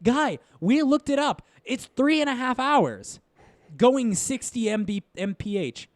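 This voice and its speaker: A young man co-hosting a casual movie review podcast, animated and swearing freely as he mocks scenes. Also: very high-pitched, a little slow, no echo. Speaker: podcast co-host.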